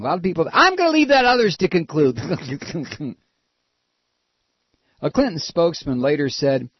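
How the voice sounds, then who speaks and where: Husky male talk-radio host, lively and sarcastic, dry dull studio sound. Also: mid-range voice, dry recording. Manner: animated, sarcastic, mimics politicians. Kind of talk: political talk radio monologue.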